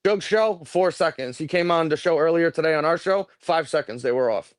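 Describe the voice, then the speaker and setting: A man's voice: fairly high pitch, expressive, fairly quick, no room sound. A man co-hosting a live stream in casual chat, heated and profane, often repeating himself.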